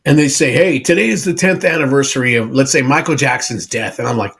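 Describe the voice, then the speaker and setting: A man in his sixties hosts a casual podcast from his home studio. His voice is husky with a breathy edge, sitting in a middle range. He talks loosely and familiarly, with plenty of bro and dude. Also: mid-range voice, fast, fairly bright tone. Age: 60s. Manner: easygoing, says bro and dude a lot. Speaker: podcast host. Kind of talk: casual chat.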